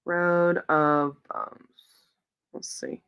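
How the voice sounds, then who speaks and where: A woman's voice: low voice, big pitch swings, drawn-out words, fairly bright tone, clean tone. A woman hosting a casual reading livestream, chatting and telling stories as she reads viewer comments aloud and answers them. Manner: tells rambling personal stories. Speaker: host of a reading sprint livestream.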